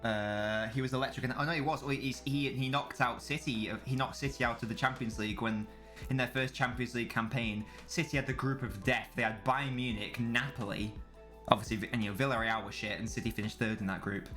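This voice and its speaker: A man's voice: mid-range voice, fairly even intonation, a little fast, a bit bright. Guy streaming a footy watchalong, rambly and sweary, medium voice, bit of music behind. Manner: rambling, swears freely, reads out chat. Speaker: live streamer. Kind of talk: casual match watchalong chat.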